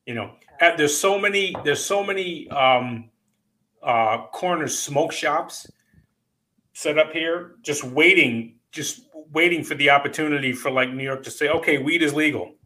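A man's voice: a little high, a little slow. A man hosting a podcast, chatting casually and telling stories with plenty of swearing. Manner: swearing, animated storyteller. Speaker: podcast host. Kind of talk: casual chat.

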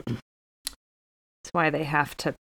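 A woman's voice: low-pitched, takes it slowly, fairly bright tone, slightly rough, no echo. A woman talking in a casual podcast chat, working through her opinions thoughtfully and hesitantly, with many fillers. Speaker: podcast co-host or guest.

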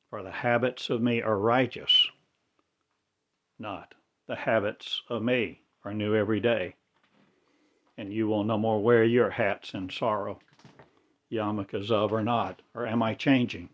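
Slow, low-voiced man preaching cryptically. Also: highs cut off. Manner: cryptic, incantatory, with broken phrasing. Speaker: self-styled religious speaker. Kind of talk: rambling religious monologue.

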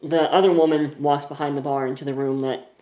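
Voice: mid-range voice, little pitch movement, fairly quick, warm tone, echoey room, lo-fi sound. A game master narrating a tabletop game scene in a loose, descriptive way. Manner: descriptive, uses filler words.

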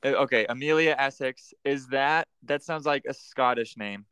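A man's voice: medium pitch, moderate pace, sharp tone, clear, resonant tone, no echo. A man hosting a casual podcast chat, joking and laughing often. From United States. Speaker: podcast host.

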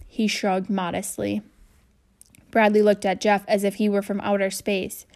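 A woman reads a children's chapter book in a steady, even narration. Her voice is mid-pitched with a gravelly grain. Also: a little slow. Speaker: audiobook narrator. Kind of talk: reading a children's novel aloud.

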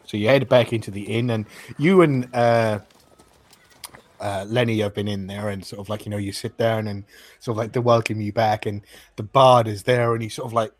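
A man with a lowish voice narrates a tabletop game as game master. He rambles along with plenty of fillers. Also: steady tone, normal speed, no room sound.

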